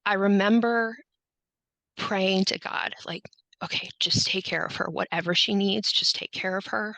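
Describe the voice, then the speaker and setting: A woman's voice: mid-range voice, fairly even intonation, moderate pace, creaky, a bit bright, no room sound, poor audio. A woman guest on a podcast, telling her story in conversation and often quoting herself and others.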